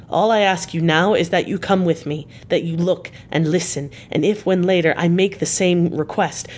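A woman's voice: lowish voice, a little mellow. Van Helsing, a woman reading a solemn old professor. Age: older. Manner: solemn, formal, pleading. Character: grave elderly male foreign professor, stern yet tender. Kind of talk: audiobook character reading.

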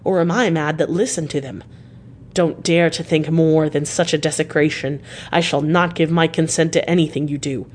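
A woman's voice: lowish voice, animated, drawn-out words, slightly rough, exaggerated voice. A woman reading the part of a proud, passionate young nobleman who speaks in agitated, indignant outbursts. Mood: outraged. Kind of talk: audiobook character reading.

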